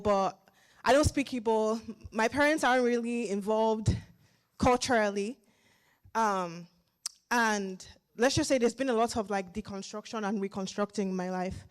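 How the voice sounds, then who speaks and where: A woman's voice: fairly high pitch, low-quality recording. A young woman from Nigeria asks a heartfelt question from the audience at a community event, speaking thoughtfully with small hesitations. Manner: thoughtful, soft-spoken, hesitant. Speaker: audience member asking a question. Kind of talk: earnest public question.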